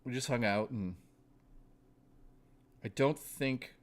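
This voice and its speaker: A man's voice: mid-range voice, slow. A man livestreaming, chatting casually to his viewers in a rambling, profane, joking way, full of restarts. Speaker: livestreamer talking to chat.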